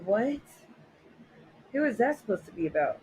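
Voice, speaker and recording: A woman's voice: a little high, very animated, normal speed, dark tone, a little hiss or hum, rough recording. Sarcastic, foul-mouthed woman livestreaming. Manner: blunt, sarcastic, swears freely. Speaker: livestream host. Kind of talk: casual livestream chat, reading viewer messages aloud.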